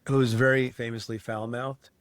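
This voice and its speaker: A man's voice: medium pitch, level tone, moderate pace, no room sound. A man telling a casual anecdote in an interview, rambling a little with restarts and fillers. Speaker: interview guest.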